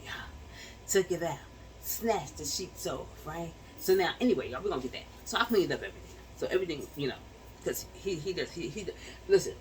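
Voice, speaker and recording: A woman's voice: low voice, recorded from a distance, slight background noise, rough recording. Chatty slangy woman vlogging from home. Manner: chatty, slangy, laughs often. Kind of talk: casual chat to the camera. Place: home bedroom.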